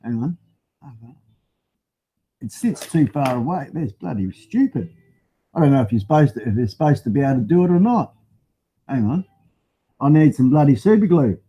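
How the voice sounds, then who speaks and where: A man's voice: mid-range voice, big pitch swings, moderate pace, long pauses, warm tone, slightly rough. A middle-aged Australian man hosting a live stream from a home garage full of motorbikes, talking into a phone used as a webcam, rambling and chatty, laughing often and swearing mildly. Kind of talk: casual live-stream chat.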